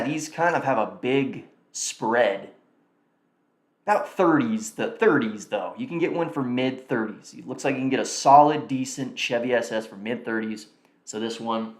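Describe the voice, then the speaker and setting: A man hosting a live stream, chatting casually and thinking aloud as he reacts and mutters to himself. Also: mid-range voice. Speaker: livestream host. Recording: roomy echo.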